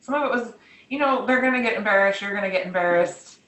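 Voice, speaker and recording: Relaxed mom on a video call, bright voice, echoey room, faint noise behind. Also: female voice, medium pitch, fast talker. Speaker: mother and guest in a group chat. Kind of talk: casual group chat on a call. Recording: roomy, distant mic with faint noise.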